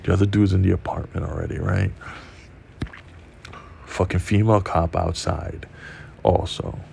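A man hosting a podcast, telling a profane, animated story in casual monologue. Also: low-pitched, moderate pace, creaky, slight background noise. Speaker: podcast host.

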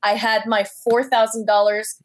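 A woman's voice: on the high side, moderate pace. A woman guest telling a personal story casually, acting out the voices she quotes. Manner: animated, acts out quoted voices.

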